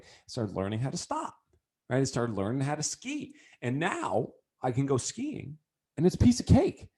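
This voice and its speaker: A man telling a story in a loose, casual way, with his pitch swinging up and down as he goes. He speaks like a coach drawing a lesson for entrepreneurs, animated and full of restarts. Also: a little fast, breathy edge. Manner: animated, lots of fillers and restarts.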